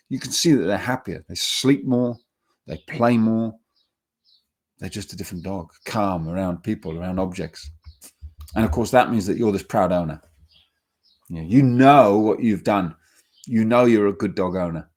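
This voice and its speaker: A man's voice: on the low side, moderate pace, pauses often, darkish tone. A middle-aged man, a dog trainer, teaching a seminar in an earnest, repetitive way with restarts. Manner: earnest, repetitive, talks with restarts and acted-out quotes.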